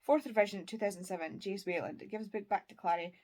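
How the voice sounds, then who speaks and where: An enthusiastic woman from the UK chats through her recent reads in a casual vlog. Her voice sits at a middle pitch, and she sometimes drops into a soft whisper. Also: fairly even intonation, fast. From United Kingdom. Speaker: book vlogger. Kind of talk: casual book wrap-up talk.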